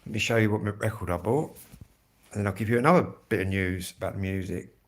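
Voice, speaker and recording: A man's voice: fairly low pitch, quick pace. Chatty middle-aged man from Kent. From Kent, England. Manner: chatty and rambling, many fillers. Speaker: livestream host. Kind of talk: casual livestream chat with viewers.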